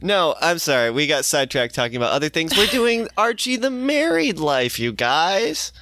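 A young man co-hosts a loose comedy podcast, cracking jokes, laughing often and swearing casually. His voice is bright and lively, swinging widely in pitch, and it sits dry and close to the mic. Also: normal speed, no echo. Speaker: podcast co-host and editor.

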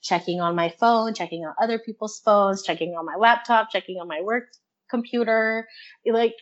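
A woman's voice: medium pitch, moderate pace. Chatty young woman, lo-fi sound. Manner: chatty, laughs often, acts out her own inner voice. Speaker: guest. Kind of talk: casual interview chat.

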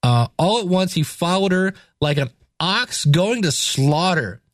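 A man preaching, reading scripture slowly and breaking into casual, chatty asides to explain it. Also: high-pitched, lively intonation, no room sound, studio quality. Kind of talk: Bible reading and teaching.

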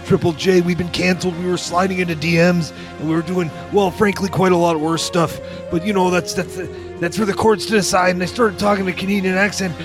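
A man's voice: sits high, level tone, fairly quick, natural voice. A man doing Rick, a cranky rambling scientist. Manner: rambling, brusque, self-pitying. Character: cranky aging male mad scientist. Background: music.

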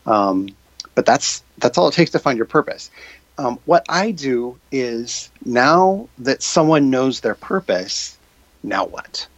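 A man's voice: medium pitch, very animated, slow, no echo. A man talking as a guest in an interview, explaining his ideas with many fillers and acting out quoted reactions. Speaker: guest, purpose coach. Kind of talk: conversational interview. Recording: dull dry lo-fi sound.

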